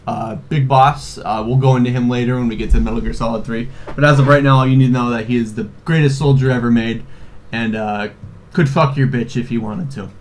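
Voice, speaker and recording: A man's voice: medium pitch, fairly even intonation, fairly quick, slight background noise. A man in his twenties recapping a video game in a rambling, profane, joking way, full of fillers and laughs. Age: 20s. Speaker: video host. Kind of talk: casual comedic game recap.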